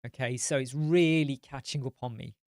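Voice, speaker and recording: A man hosts a casual live-stream chat, drifting from one thought to the next as he answers viewer comments. He is worn out and yawns between sentences, with a middling pitch. The sound is close and dry, with no room around it. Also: fairly even intonation, moderate pace, darkish tone, dry recording. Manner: rambling, chatty, reads out viewer comments. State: tired, yawning.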